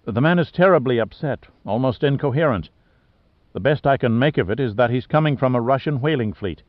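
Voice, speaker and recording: A man's voice: medium pitch, animated, brisk, no echo, lightly acted. Storybook: male reader voicing a serious ship's surgeon, plain and urgent, on muffled dry audio.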